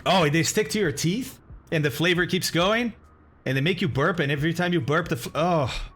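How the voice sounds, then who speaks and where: This man, a flight simulator streamer, is casually talking on his live stream: he thanks viewers, reacts to the chat, and groans and exclaims over bad-tasting candy. His voice sits a little high, bright-ish and husky, at normal speed.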